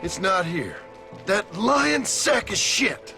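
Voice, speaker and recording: An actor playing a gruff frontier gunslinger who speaks dryly and bluntly. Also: male voice, high voice, very animated, takes it slowly, music in the background, heavily acted. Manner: dry, blunt, curt. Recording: game audio with background noise.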